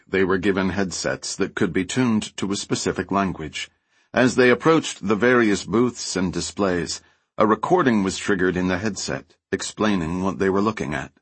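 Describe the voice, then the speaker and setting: Low husky guy narrating a novel, lively ups and downs, dry close sound. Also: dry recording. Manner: lively storytelling, voices characters lightly. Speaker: audiobook narrator. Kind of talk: scripted narration.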